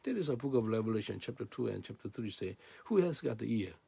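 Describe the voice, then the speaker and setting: A man preaching a sermon in broken, non-native English, swinging between loud emphatic peaks and low hushed asides. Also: expressive, fast talker, creaky, slightly rough, no room sound.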